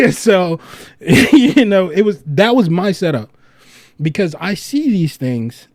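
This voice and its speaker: An American livestream host tells rambling stories in a casual chat, laughing a lot and swearing freely, with a loose delivery full of restarts. His voice is high and slow, with no echo.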